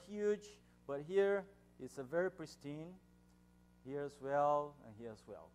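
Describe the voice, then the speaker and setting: Brazilian man giving a relaxed science seminar. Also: medium pitch, slight background noise. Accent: Brazilian Portuguese. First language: Portuguese. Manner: informal and joking, frequent uh fillers and restarts. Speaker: visiting researcher giving a seminar talk. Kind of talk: academic seminar talk.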